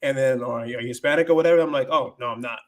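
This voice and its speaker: With a mid-range voice and rapid-fire delivery, a young man from the United States runs a casual livestream. English is his first language, yet he moves back and forth into Spanish, often restarting and leaning on fillers.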